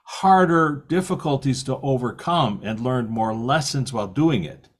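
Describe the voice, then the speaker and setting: A man's voice: mid-range voice, unhurried. An older man hosting a podcast, telling long stories in casual conversation and laughing now and then. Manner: rambling storyteller, laughs often. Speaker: podcast host.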